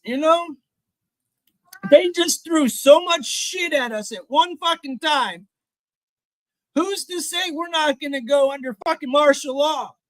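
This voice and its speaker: A man hosting a live stream, ranting in a heated, profane way and often shouting. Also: very high voice, a little slow, long pauses, dry recording. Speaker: livestream host. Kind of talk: profane live reaction rant.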